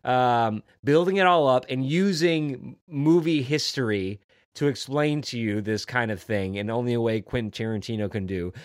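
A man's voice: medium pitch, moderate pace, no echo, clean studio sound. Enthusiastic man chatting about films. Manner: rambling, enthusiastic, swearing. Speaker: podcast co-host. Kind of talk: casual film discussion.

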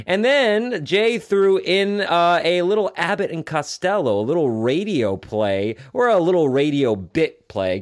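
A man co-hosting a casual podcast chat, animated and joking, swearing casually. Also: medium pitch. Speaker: podcast co-host.

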